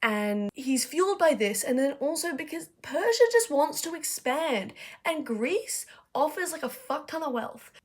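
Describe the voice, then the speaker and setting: Girl hosting a video essay, chatty and sweary, voice sits a bit high. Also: expressive. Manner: profane, chatty, acts out figures in quick asides. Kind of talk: casual slangy history retelling.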